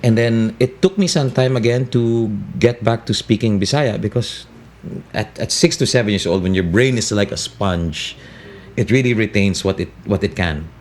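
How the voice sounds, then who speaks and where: A man's voice: on the low side, normal speed, darkish tone, a little hiss or hum. A Filipino man in his forties, a radio DJ, speaking English with a Californian-tinged American accent and slipping into Tagalog and Bisaya while laughing often. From Philippines. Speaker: radio DJ and voice-over talent. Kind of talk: interview chat.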